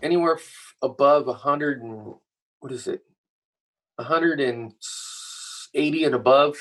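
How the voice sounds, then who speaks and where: A man's voice: medium pitch, unhurried, low-quality recording. A middle-aged man, a guest on a podcast, telling a story casually with plenty of swearing. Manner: profane, animated storytelling.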